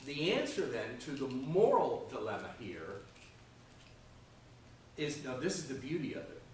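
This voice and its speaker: A man leads a Sunday school Bible lesson in a plain mid-pitched voice, very animated but unhurried, talking conversationally and repeatedly asking "okay?" and "right?". Recorded far from the mic in an echoey church classroom, the clip carries slight background noise.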